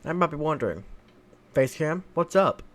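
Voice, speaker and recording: A man's voice: fairly high pitch, animated, moderate pace, a bit bright. A man hosting his video in casual commentary, sounding weak and tired, rambling on. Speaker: gaming video host. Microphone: headset.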